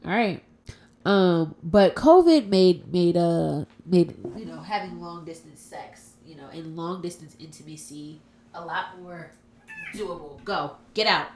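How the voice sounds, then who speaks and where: A woman's voice: fairly low pitch, a little slow, darkish tone, a little hiss or hum. A woman hosting a casual solo podcast from home, talking in a frank, profane and playful way. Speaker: podcast host.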